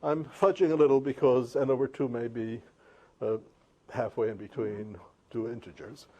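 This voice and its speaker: A man's voice: medium pitch, fairly even intonation, moderate pace, dark tone, lo-fi sound. A man giving a math lecture, working through steps methodically. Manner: methodical, step-by-step explaining. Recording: noisy classroom recording.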